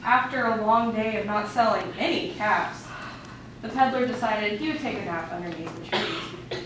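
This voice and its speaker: A woman reading a children's story aloud in class with an expressive, playful manner. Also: on the high side, normal speed. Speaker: student storyteller. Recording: echoey room, far mic, background noise.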